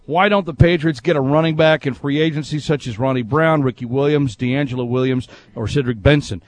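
A man's voice: mid-range voice, fairly even intonation, brisk, slight background noise. A man hosting a sports radio show, reading listener email aloud in casual banter and laughing often. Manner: laughs a lot, reads aloud with gusto.

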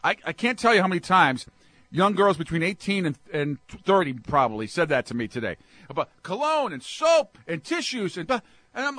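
Brief: high, bright-voiced male host on a comic rant, dry close sound. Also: moderate pace, no room sound. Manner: exasperated, animated, swings from mutters to yelps. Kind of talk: comic ranting monologue.

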